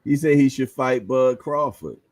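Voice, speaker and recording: A man's voice: mid-range voice, measured pace, a little mellow, no echo. A man hosting a boxing news chat, talking in laid-back slang, laughing often and repeating himself. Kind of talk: casual livestream chat.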